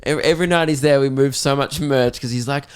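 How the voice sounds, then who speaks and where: A young Australian man hosts a casual podcast chat. He tells stories in an animated way, laughing often and swearing freely. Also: mid-range voice, a little fast, clear, resonant tone. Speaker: podcast host.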